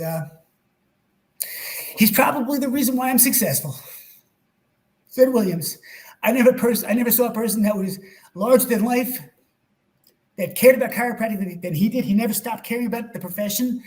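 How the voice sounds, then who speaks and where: A middle-aged man with a New York accent, a chiropractor guest telling stories in an animated, emotional way on a podcast interview. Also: sits high, a little fast, long pauses, rough recording. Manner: animated, emotional storyteller, frequent repeats.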